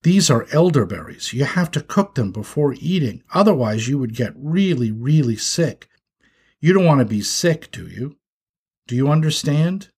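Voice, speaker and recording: A man's voice: medium pitch, very animated, normal speed, darkish tone, slightly rough. A man voicing a young male skunk, a patient big brother who turns frantic when his little brother strays, in a storybook reading. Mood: coaxing.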